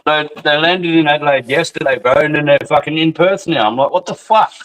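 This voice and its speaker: A man trades banter on a live call. His voice sits a little high for a man. He speaks bluntly, swears often, and throws in jokes. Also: a little fast, fairly bright tone, poor audio. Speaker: guest on call. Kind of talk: casual chat.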